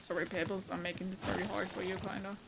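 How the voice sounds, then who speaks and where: A woman's voice: medium pitch, level tone, fast, vocal fry, very noisy. A woman with a German accent chatting casually while streaming a game, thinking aloud and answering her chat. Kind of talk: casual gaming livestream chat.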